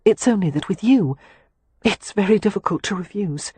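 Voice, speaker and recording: A guarded young governess in an audiobook romance, read by a man. She speaks hesitantly and quietly, in a somewhat high, husky voice, close and dry. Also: animated, normal speed, dry recording, heavily acted. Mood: wistful. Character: reserved young English governess, guarded woman.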